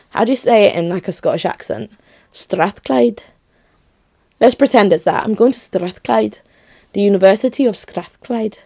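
A woman's voice: medium pitch, a little mellow, no room sound, clean studio sound. A young woman chatting casually on her own to her listeners, rambling and giggly. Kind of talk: casual solo chat to listeners.

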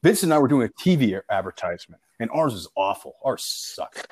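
A man's voice: medium pitch, brisk, breathy edge. A young man in casual chat, telling an old school prank story with laughter, acted-out quotes and swearing. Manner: animated storyteller, laughs often, acts out quotes, swears freely.

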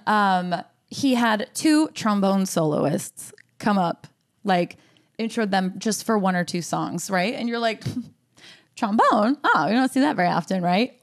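A young woman doing a stand-up comedy set on a podcast, telling a story with a lot of laughter and voiced asides. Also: medium pitch.

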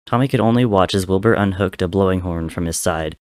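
A man reading a story aloud in a measured, dramatic way. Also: low voice, a little mellow, no echo. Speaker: narrator.

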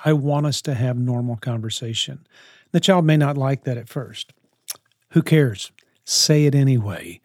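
A man's voice: medium pitch, a little mellow, no echo, clean studio sound. A man answering parenting questions in an earnest, coaching way, often restarting his sentences. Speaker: parenting advice speaker.

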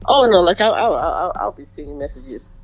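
Deep-ish woman talking slow and unsure, lots of ums, dull lo-fi sound. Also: sing-song. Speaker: podcast co-host. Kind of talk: casual chat. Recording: dull lo-fi sound with faint music.

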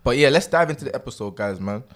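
A man, co-hosting a podcast and telling stories in lively slang. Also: mid-range voice, quick pace, crowd noise. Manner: animated, slangy storyteller. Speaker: podcast co-host. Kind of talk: casual chat.

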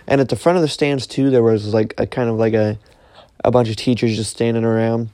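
A man's voice: medium pitch, flat delivery, normal speed, warm tone, clean tone, no echo, clean studio sound. A young man casually retelling a dream, rambling with lots of fillers and restarts. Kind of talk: casual storytelling, recounting a dream.

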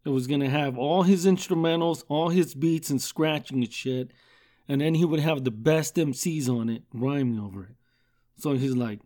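Profane, rambling man with a higher voice. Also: moderate pace, warm tone. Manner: loose, profane, rambling with fillers. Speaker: podcast host. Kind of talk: casual storytelling.

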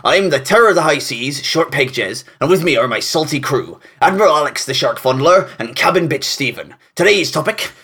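A man's voice: on the low side, huge pitch swings, very slow, vocal fry, hardly any pauses, bright, forceful tone, voice pushed down, full character voice. A man hamming up the voice of a swaggering male pirate captain for a comic podcast intro. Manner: theatrical growling pirate talk.

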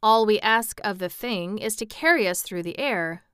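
A woman voicing a calm, sensible man made of tin, measured and matter-of-fact, in a storybook reading. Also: medium pitch, clear, resonant tone, dry recording, studio quality, lightly acted.

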